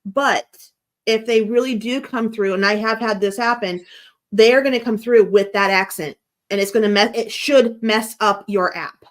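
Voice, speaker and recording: A woman's voice: on the high side, normal speed. A woman in a casual chat, talking in long rambling turns full of restarts and questions. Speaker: guest from the American team.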